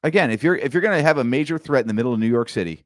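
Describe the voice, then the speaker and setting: Male podcast co-host, mid-pitched, opinionated casual reviewer, dry close mic. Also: lively intonation, rapid-fire, no echo. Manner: opinionated, argues points with hypotheticals. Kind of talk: casual movie review chat.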